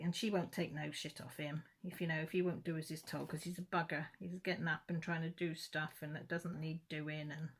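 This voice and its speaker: A woman's voice: low-pitched, gravelly. A woman, chatting casually to her viewers and telling a rambling family story in plain, down-to-earth words. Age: 50s. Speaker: crafting channel host. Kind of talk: casual chat while crafting.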